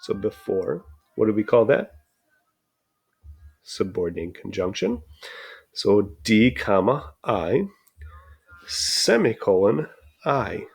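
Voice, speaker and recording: A man teaching a recorded grammar lesson, explaining slowly and patiently with frequent pauses. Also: fairly low pitch, very animated, gravelly, slightly rough.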